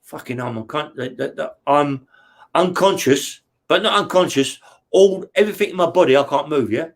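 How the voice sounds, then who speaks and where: A man's voice: on the high side, normal speed. A man, a guest in an interview, telling a crime story in a blunt, profane, rambling way and checking in with "yeah?" after almost every line. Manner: rambling and vivid, full of restarts and sound words. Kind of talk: casual true-crime storytelling.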